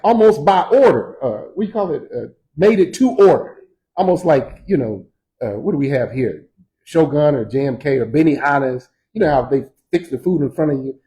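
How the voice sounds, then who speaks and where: A man teaching Sunday school as pastor, in a lively, folksy preaching style full of slang and repetition, in a church. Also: on the high side, rough recording.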